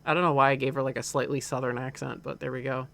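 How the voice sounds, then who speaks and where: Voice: mid-range voice, flat delivery, fast, creaky, fairly bright tone. A streamer giving casual, joking commentary while playing and reading item text aloud.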